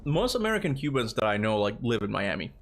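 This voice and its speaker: A man in his thirties chatting casually with viewers during a game livestream, excitable and talking straight to his chat. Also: fairly low pitch, fast, slight background noise. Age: 30s. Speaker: streamer.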